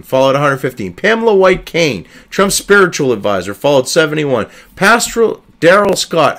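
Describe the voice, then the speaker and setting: Male commentary host, slightly high and very animated pitch; reads text aloud, then breaks into foul-mouthed, sarcastic outbursts. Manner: profane, sarcastic and exasperated. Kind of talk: ranting commentary reading an article aloud.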